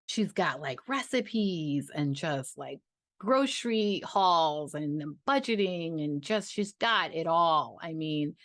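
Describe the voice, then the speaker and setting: A woman's voice: deep voice, expressive, slow, fairly bright tone, no room sound, clean studio sound. A woman vlogging about her budget in a chatty, gushing way, trailing off and restarting as she talks to her viewers. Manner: chatty and gushing, trailing off, with playful sung interjections. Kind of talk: casual chat to camera.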